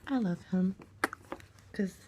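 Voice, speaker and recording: A man's voice: high voice, takes it slowly, highs cut off, background noise. A young man telling his story in an emotional, rambling confessional vlog. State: crying. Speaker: vlogger.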